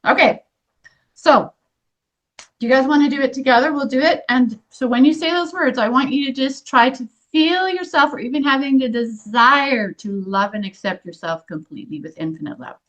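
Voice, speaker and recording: A woman in her fifties leads a group through a guided workshop, her voice sitting a little high. She talks gently and earnestly, often restarting her sentences. The recording sounds dull and lo-fi. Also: normal speed. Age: 50s. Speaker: energy healing workshop leader.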